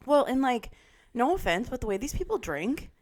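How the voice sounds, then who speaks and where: A young woman co-hosting a chat podcast, retelling reality TV drama in a gossipy, animated way with lots of "like" and swearing. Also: high-pitched, normal speed. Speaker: podcast co-host. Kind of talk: casual chat.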